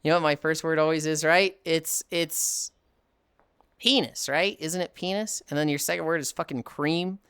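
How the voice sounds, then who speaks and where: A woman streamer chatting casually while she plays, animated and swearing freely, laughing often. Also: deep voice, normal speed, clear, resonant tone, no room sound. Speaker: live streamer. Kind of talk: casual chat while gaming.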